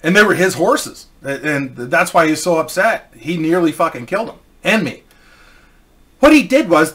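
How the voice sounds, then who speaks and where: A man's voice: on the high side, fairly bright tone. A man casually telling a personal story, rambling and swearing, with many restarts.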